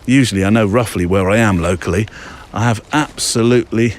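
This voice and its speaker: A man's voice: on the low side, fairly quick, slight background noise. A man hosting a podcast while walking outdoors through woodland, talking in a casual, rambling way with lots of fillers. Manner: chatty, rambling with many fillers. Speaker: podcast host.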